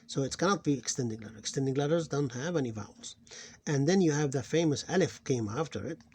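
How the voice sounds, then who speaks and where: A man teaching a phonics lesson, explaining step by step and sounding out syllables loudly. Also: medium pitch, lively intonation, fast, slight background noise.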